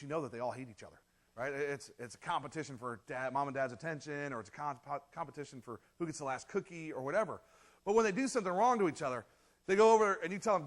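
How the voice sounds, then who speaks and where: A man's voice: high voice, fairly bright tone. Conversational man preaching a sermon. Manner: conversational, acts out quoted voices, laughs at own jokes. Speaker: pastor.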